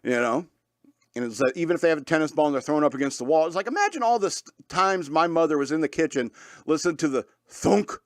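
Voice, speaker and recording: A man's voice: on the high side, expressive, fast, no room sound, studio quality. A man hosting a talk radio show, rambling in a casual monologue with lots of fillers and frequent laughs.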